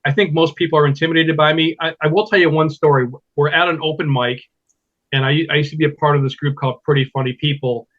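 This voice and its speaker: Animated male comedian telling stories. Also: a little high, fast, dull audio. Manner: animated storyteller, slips into impressions. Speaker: stand-up comedian, podcast guest. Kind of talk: casual interview chat.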